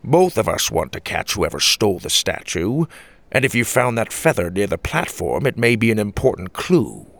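A man doing a slow, grave old grandfather. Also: lowish voice, very animated, gravelly, a bit bright, no echo, heavily acted. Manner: slow, deliberate speech. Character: wise older grandfather, calm and watchful.

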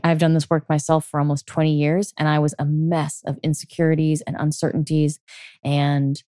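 Middle-aged woman, low warm voice, earnest podcast coach, dry close recording. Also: no room sound. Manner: earnest, coaching tone, frequent "okay?" check-ins. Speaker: podcast host and life coach. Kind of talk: solo podcast monologue.

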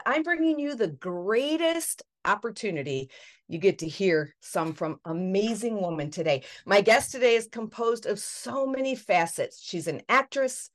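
A woman's voice: medium pitch, sing-song, measured pace, soft background music. A woman hosting a podcast interview, giving upbeat, effusive introductions. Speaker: podcast host.

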